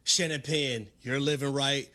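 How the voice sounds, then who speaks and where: A middle-aged man co-hosting a sports radio show, talking in a hyped, preacher-like sing-song that swells into shouts. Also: medium pitch, fairly even intonation, unhurried. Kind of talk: animated sports radio banter.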